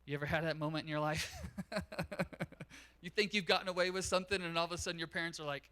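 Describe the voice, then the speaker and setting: A man pastor preaching a sermon in a church, telling a story in an animated way. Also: a little high, fast, smooth. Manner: animated storytelling, acts out quotes.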